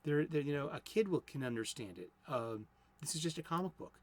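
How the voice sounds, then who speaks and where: A man in his fifties with a Boston accent chats on his own, his voice sitting a little high for a man. He rambles and circles back, stringing thoughts together with fillers and false starts. It sounds like a casual one-man talk. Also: lively intonation, brisk. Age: 50s. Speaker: comics vlogger. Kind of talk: casual solo monologue.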